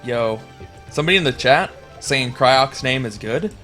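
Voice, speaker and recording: A young man casting a video game match, rambling and chatty, getting excited at big plays. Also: medium pitch, moderate pace, faint music behind. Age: young adult. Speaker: game caster. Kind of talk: casual esports commentary.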